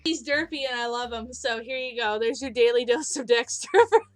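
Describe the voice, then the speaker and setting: A young woman co-hosting a casual video-call hangout, telling animated stories with frequent laughs. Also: a little high, a little fast. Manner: animated storyteller, laughs often. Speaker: co-host.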